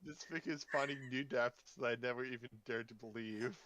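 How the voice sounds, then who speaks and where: A man's voice: medium pitch, steady tone, brisk, fairly bright tone, dry recording, low-quality recording. A man chatting casually with friends, commenting with frequent swearing and laughter. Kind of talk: casual chat.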